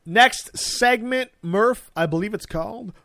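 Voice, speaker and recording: A man co-hosting a sports podcast, telling stories loosely and trailing off low at the ends of thoughts. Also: a little slow, bright, forceful tone, no room sound, studio quality. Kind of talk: casual sports talk.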